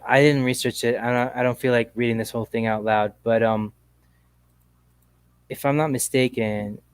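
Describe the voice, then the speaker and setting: A man's voice: mid-range voice, no echo. A man with a mid-range voice hosts a casual chat show, talking in a laid-back, slangy, rambling way. The sound is dry and close, with no room around it. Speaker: podcast host.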